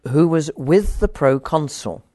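An older man teaching a Bible passage informally, rambling with wry asides and reading the scripture aloud forcefully. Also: a little high, lively intonation, unhurried, no echo.

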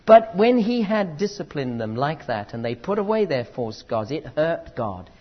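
Preacher, husky, lively sermon. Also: male voice, on the high side, moderate pace. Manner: animated, swings from loud urgent emphasis to quiet asides. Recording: dull lo-fi recording.

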